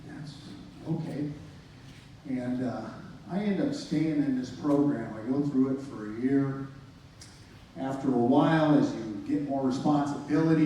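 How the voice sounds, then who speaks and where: A man's voice: on the high side, darkish tone, a little hiss or hum. A man giving a personal testimony, casual and slangy, acting out the dialogue as he tells it. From United States. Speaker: testimony speaker. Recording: echoey hall, voice from far off.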